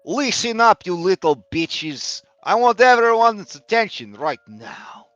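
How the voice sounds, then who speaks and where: A man's voice: fairly low pitch, expressive, takes it slowly, fairly bright tone, no echo, dull audio, exaggerated voice. A man voicing a vicious female hobgoblin who screeches threats and barks orders at her kitchen staff in a tabletop game. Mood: barking orders.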